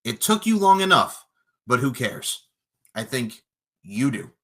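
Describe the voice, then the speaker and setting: As a guest on a podcast, a man cuts a fantasy wrestling promo, cocky and taunting. He speaks a little slowly in a sing-song way, swinging between low menace and loud boasts.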